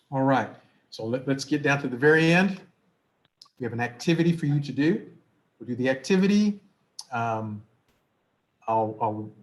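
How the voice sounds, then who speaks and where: Male workshop presenter, conversational, asks the room questions. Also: mid-range voice. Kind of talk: workshop talk and storytelling.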